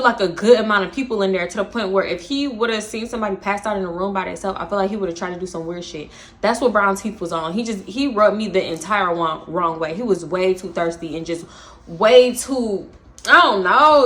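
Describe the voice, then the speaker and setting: A young woman vlogger casually telling a storytime, animated and slangy, swearing and laughing as she goes. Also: on the high side.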